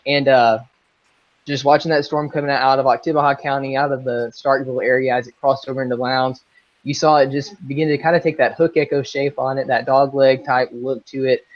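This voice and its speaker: A man's voice: mid-range voice, flat delivery, a little fast, no echo. A young man from Northeast Texas, a guest meteorologist on a casual interview, polite and eager. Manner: polite, says "yes, sir", eager. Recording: dull lo-fi video call.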